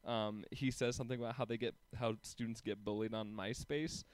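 A man's voice: on the low side, steady tone, fairly quick, no room sound. A man co-hosting a casual chat about a TV episode, hesitant, with lots of ums and restarts. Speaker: podcast co-host.

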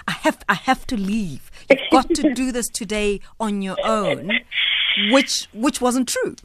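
A woman's voice: a little high, lively intonation, a little slow, a loud crowd. A woman radio host interviewing a guest, often murmuring along as she listens. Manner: attentive, murmurs agreement.

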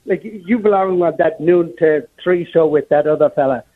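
Teasing Minnesotan caller on the phone. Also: male voice, a little high, normal speed. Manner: teasing, chatty. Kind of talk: phone call to a radio show. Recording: tinny phone line.

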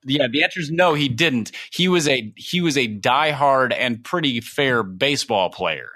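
A man co-hosting a casual podcast chat, wry and joking with quick asides. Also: mid-range voice, animated, bright, forceful tone, no echo, studio quality. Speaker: podcast co-host.

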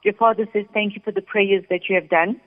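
A woman working as a psychic medium, calmly relaying messages during a radio reading. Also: mid-range voice, fairly quick. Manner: calm, steady, relays messages in first person. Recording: phone-like sound with long reverb.

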